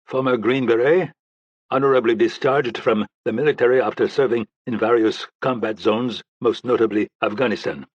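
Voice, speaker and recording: A tall, courteous policeman with an African accent, as a male audiobook narrator puts him on, asking questions in a measured, pleasant way. His voice sits a bit higher than the narrator's own, with a husky edge. The close, dry recording sounds slightly muffled. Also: steady tone, no echo, natural voice. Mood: polite, probing. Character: calm, polite male police officer, tall.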